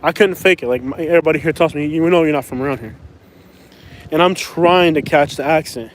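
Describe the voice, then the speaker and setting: A man from Florida with a Florida accent rambles through a casual live stream while walking outside at night. His voice sits a touch high, and he laughs often as he chats along. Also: brisk, a little hiss or hum. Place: outdoors at night in a small town.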